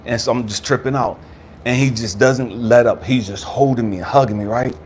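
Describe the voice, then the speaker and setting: A man's voice: mid-range voice, brisk, a little mellow, a little hiss or hum. A man hosting his channel, telling an emotional personal story in an informal, slangy way and addressing listeners as family. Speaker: channel host, spiritual speaker.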